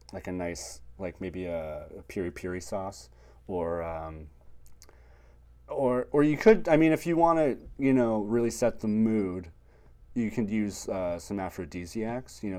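A man co-hosting a comedy podcast, giving rambling deadpan advice in improvised chat. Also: low-pitched.

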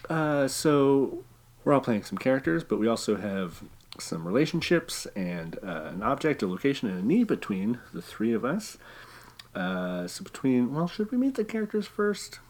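A man's voice: mid-range voice, big pitch swings, normal speed, a little mellow. A man hosting a casual improv podcast, upbeat and laughing often. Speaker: host.

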